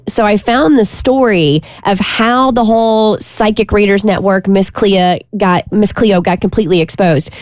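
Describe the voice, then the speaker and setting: A female radio co-host explaining things in a brisk, chatty way. Her voice sits at an ordinary pitch and sounds dry and close on the studio mic. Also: dry recording. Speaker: radio show co-host presenting a segment. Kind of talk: casual talk radio segment.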